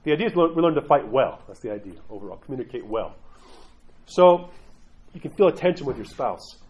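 A man's voice: mid-range voice, very animated, fast, darkish tone, muffled recording. A middle-aged man, an Orthodox Christian clergyman, giving casual spiritual talk and often asking "right?". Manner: conversational, keeps asking "right?"; acts out quoted voices.

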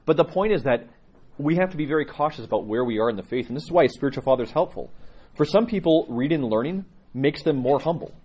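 A man who is a priest, answering questions in a catechism class and telling stories in an animated way. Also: fast, slightly rough, highs cut off. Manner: animated storytelling with lively pitch, chuckling. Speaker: Orthodox priest.

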